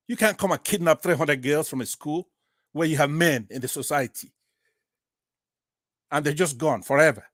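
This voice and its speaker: A man's voice: on the high side, no echo. Impassioned Nigerian man on a dry line. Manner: builds from quiet halting starts to loud indignant bursts, quoting scripture. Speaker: caller on a live online talk broadcast. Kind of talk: impassioned political call-in speech.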